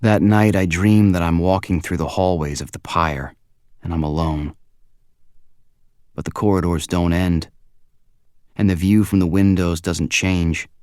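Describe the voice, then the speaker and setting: Male audiobook narrator, very low voice, quiet measured first-person read, dry close booth sound. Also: steady tone, clear, resonant tone, dry recording.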